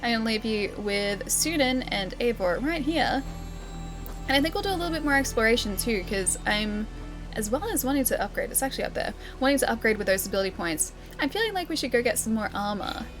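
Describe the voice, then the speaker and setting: Over music, an Australian woman talks in a brisk, expressive voice on the high side. She's a livestreamer playing a game live, laughing a lot, reading her chat out loud and replying in a chatty, casual way.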